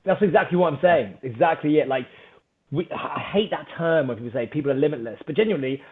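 A man, a podcast guest, telling a story in a casual, animated, self-mocking way and laughing often. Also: fairly high pitch, fast talker. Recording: phone-like narrow band.

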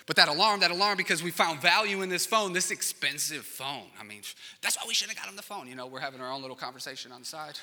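A man preaching a sermon as pastor, telling a family story with lively acted-out voices and swinging between loud bursts and hushed passages. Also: fairly high pitch, fast. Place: large church auditorium. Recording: long reverb of a big hall.

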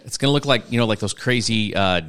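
A man with a very deep, smooth, resonant voice chats casually as co-host. He talks in a halting way, restarting his sentences often. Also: fairly bright tone. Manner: chatty, halting, lots of restarts. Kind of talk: casual chat.

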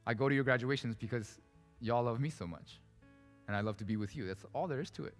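A man preaching a sermon as pastor, telling a personal story in an animated, conversational and emphatic way. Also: mid-range voice, fast talker. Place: church sanctuary. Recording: preached in a reverberant hall with soft guitar behind.

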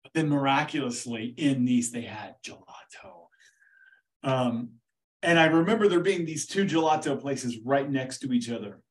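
A man's voice: medium pitch, animated, normal speed, distant mic, poor audio. A man, a teacher, explaining history in a casual, rambling monologue, peppered with "right?" and "okay". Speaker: teacher hosting a history podcast.

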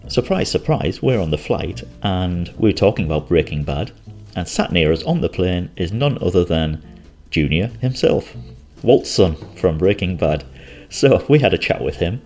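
A man's voice: low-pitched, sing-song, normal speed, darkish tone, soft background music. A man casually recounting a trip in a rambling, chatty way, often correcting himself. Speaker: travel storyteller. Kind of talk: casual travel recollection.

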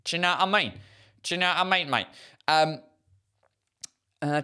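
A man's voice: a little high, normal speed, pauses often, sharp tone, smooth. A man with a southern English accent, a stand-up comedian chatting casually and answering viewers' comments in a self-mocking way. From England. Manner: chatty and self-mocking, many fillers and restarts.

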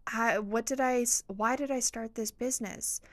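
A woman's voice: a little high, steady tone, moderate pace, no echo. A woman hosting a motivational podcast, speaking in an earnest, encouraging, faith-filled tone. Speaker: podcast host.

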